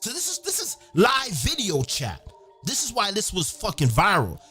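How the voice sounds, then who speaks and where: A man hosting an event, delivering an excited, profane monologue and half-singing some lines. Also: sits high, moderate pace. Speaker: event host. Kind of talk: excited monologue over a beat. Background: music.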